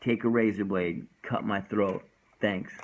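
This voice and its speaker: Brooding low poetry voice, as a man reads. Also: steady tone, measured pace, slight background noise, lightly acted, poor audio. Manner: low, heavy, brooding delivery. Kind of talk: dark spoken-word poem reading.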